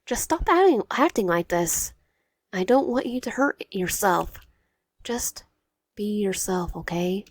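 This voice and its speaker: A woman's voice: mid-range voice, normal speed, no echo, clean studio sound, natural voice. Woman playing a frightened, pushing-back teen. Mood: alarmed. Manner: alarmed, raised voice.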